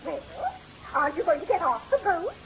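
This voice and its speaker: An actress playing a gushing, starstruck rich society matron with a fluttery manner, in 1930s radio comedy. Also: female voice, very high voice, very animated, brisk, highs cut off, heavily acted. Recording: scratchy, very hissy 1930s radio recording.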